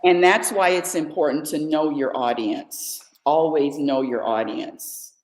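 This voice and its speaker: Low-voiced joking older woman, echoey room. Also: a little slow. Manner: joking, animated, repeats words often. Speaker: podcast co-host, mother. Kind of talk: casual storytelling chat.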